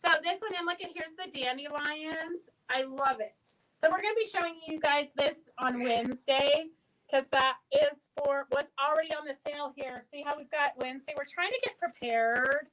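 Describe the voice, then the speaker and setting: A woman's voice: high-pitched, moderate pace, a bit bright, low-quality recording. A woman hosting a casual live-stream fabric sale, chatting and answering viewers' comments as she goes.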